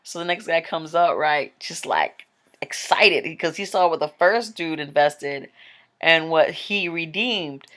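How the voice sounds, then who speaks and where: Describing a vision she received, a Christian woman rambles in a chatty testimony full of "like" and "um." Her voice is fairly low yet a bit bright, with a clear, resonant tone.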